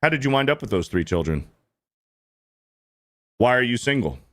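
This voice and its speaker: Streamer host, man in his thirties, animated and profane, voice swinging up and down a lot, repeats his points. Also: medium pitch, moderate pace. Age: 30s. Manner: animated, repetitive, profane ranting. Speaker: streamer host reacting to clips. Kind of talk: casual reaction commentary.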